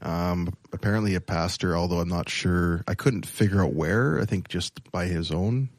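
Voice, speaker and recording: Brief: low, gravelly male co-host, dry close sound, loose rambling delivery. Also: normal speed, dry recording. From Canada. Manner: rambling, hedging with many fillers. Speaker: podcast co-host. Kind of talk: casual chat.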